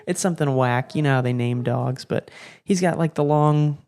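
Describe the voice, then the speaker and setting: A young man hosting a podcast, telling rambling stories in a relaxed, slangy way. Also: a little high, normal speed. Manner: laid-back, rambling, slangy with lots of "like" and "bro". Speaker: podcast host. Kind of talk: casual storytelling monologue.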